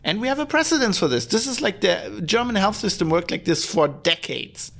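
A podcast host speaks a little fast in a high-pitched, fairly bright voice with vocal fry and lively intonation. Bluntly sarcastic and casual, he rants, swears freely, and frequently uses fillers and restarts.

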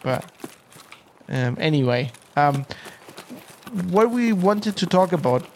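A man co-hosting a podcast, chatting casually outdoors, rambling and halting with many fillers and restarts. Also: fairly high pitch, expressive, a little mellow, slight background noise. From Germany. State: out of breath. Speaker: podcast co-host. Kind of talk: casual chat. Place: outdoors at an industrial park.

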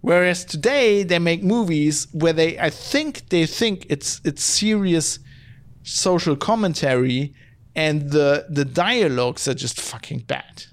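The man here hosts a podcast, his voice on the high side and his pace unhurried. He reads out comments from the chat and rambles through a profane, off-the-cuff rant, often restarting sentences and leaning on fillers.

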